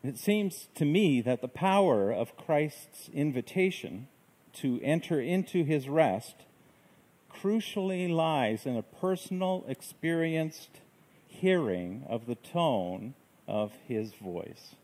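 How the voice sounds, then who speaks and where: A man preaching a sermon in a gentle, reflective way, with unhurried phrasing. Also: a little high, expressive, slightly rough, poor audio. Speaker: pastor.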